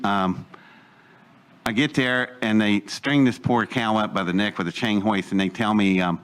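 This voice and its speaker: A man's voice: on the low side, a little fast, fairly bright tone, clear, resonant tone. A man casually telling a long story to an audience, acting out other people's lines and laughing between bits. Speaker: storyteller guest.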